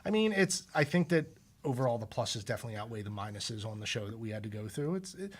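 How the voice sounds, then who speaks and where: A man who organizes a comic convention, talking in an excited, rambling, emphatic way. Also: medium pitch, fast talker, a little hiss or hum. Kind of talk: casual chat.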